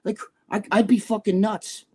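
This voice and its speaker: A man's voice: high voice, level tone, normal speed, darkish tone, slightly rough. An older man chatting as a guest, rambling and profane with many restarts. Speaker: guest, bodybuilding columnist. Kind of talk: casual live chat.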